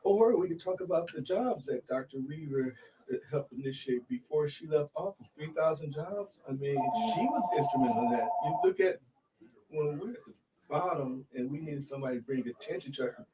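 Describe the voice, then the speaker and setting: A man's fairly high, lively voice moves a little fast against heavy background noise. He co-hosts a local political talk show with a casual, blunt, emphatic manner, drawing on his past as a county commissioner, and the far-off mic makes everything muffled.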